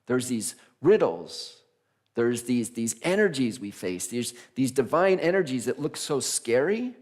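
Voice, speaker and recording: A man minister preaching a conversational Sunday sermon, animated and laughing as he acts out the voices of figures in his stories. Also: mid-range voice, a little slow. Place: church sanctuary.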